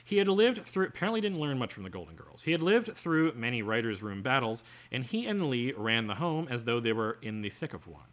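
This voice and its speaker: A man's voice: mid-range voice, a bit bright. A man co-hosting a podcast, reading an article aloud and breaking off into sarcastic, exasperated asides. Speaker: podcast co-host.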